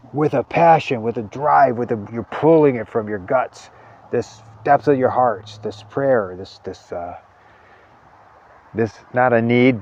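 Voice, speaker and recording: A man giving an earnest spiritual talk, halting often and repeating words as he searches for them. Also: mid-range voice, a little mellow, no room sound, highs cut off. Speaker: spiritual teacher.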